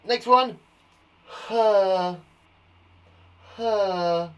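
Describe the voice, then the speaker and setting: Animated man teaching spelling. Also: on the high side, dull audio. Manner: cheerful, encouraging, slow and clear dictation of words. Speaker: primary school teacher. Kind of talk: live spelling lesson for young children. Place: garden shed.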